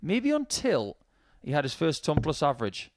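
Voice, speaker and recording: A man's voice: fairly high pitch, huge pitch swings, moderate pace, background noise. Man giving analytical darts commentary. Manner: analytical, explains throwing technique at length. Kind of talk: live sports commentary.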